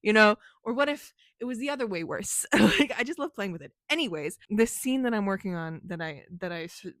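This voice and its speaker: A woman's voice: medium pitch, lively intonation, fairly quick, fairly bright tone, dry recording. A woman author chatting casually in a vlog about her writing, rambling with lots of "like", laughing often and swearing freely. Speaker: author and book vlogger.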